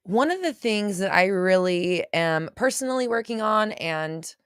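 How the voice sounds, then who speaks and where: A woman's voice: medium pitch, animated, clear, resonant tone, no room sound, clean studio sound. A woman from California, a mindset coach hosting a casual livestream. She chats and rambles as she reads viewer comments, often laughing and gasping. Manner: chatty, rambling, quick to laugh and gasp.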